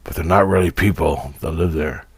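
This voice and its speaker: A man's voice: rumbling low, normal speed, husky, no echo. A man talking in a casual spiritual vlog monologue, ranting profanely and in frustration.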